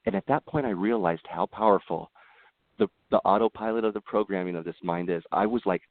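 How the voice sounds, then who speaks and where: Earnest low-voiced man on a tinny line. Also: fairly quick, no room sound. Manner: earnest, animated storytelling with frequent restarts. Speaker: podcast guest. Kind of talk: casual interview conversation.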